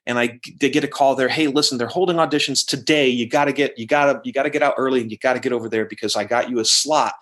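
A man's voice: mid-range voice, fast talker, few pauses. A man, a rock guitarist, telling a long story in a casual interview, swearing often and acting out what people said. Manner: animated, profane, acts out quotes in raised voice.

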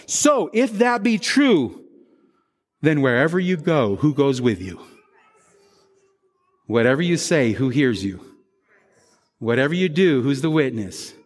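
Animated preaching pastor in a hall. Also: male voice, fairly high pitch, moderate pace, long pauses. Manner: animated preaching, voicing worried churchgoers. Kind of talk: sermon.

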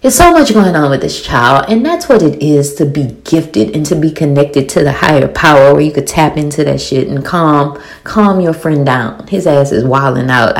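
Woman, 40s, thick Louisiana accent, low gravelly voice, blunt and animated, casual TV recap vlog. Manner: animated, blunt and outspoken, with swearing and rhetorical questions. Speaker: TV show reviewer. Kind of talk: casual episode recap and commentary.

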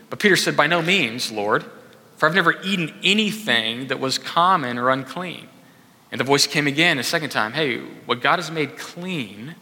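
Bright-voiced man preaching in a hall. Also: on the high side. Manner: conversational preaching with acted quotes. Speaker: pastor. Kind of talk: sermon. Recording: echoey hall.

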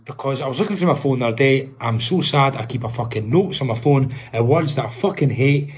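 Scottish lad, very husky rough voice, swears a lot, jokey rambling. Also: male voice, medium pitch, quick pace, lo-fi sound. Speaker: podcast co-host. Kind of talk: casual comedic chat.

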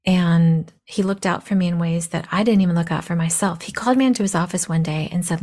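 A woman's voice: lowish voice, fast talker, hardly any pauses, darkish tone. A woman in her fifties hosting a podcast, telling a personal story in a blunt, candid way, her voice scratchy from a cold. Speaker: podcast host.

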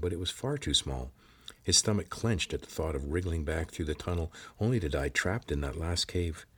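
A man narrating an adventure audiobook with steady storytelling. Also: deep voice, slightly rough.

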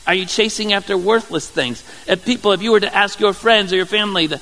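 High-voiced male preacher in a reverberant hall. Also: gravelly, bright, forceful tone. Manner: conversational, halting, repeats words. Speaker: pastor. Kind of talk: sermon.

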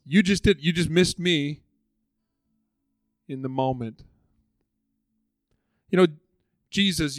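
A male pastor preaching in a casual, conversational tone, slipping into quick voices for the people in his story. His voice sits a little high for a man. The sound is dry and close. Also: no room sound. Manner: conversational, acts out voices of biblical figures. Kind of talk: sermon.

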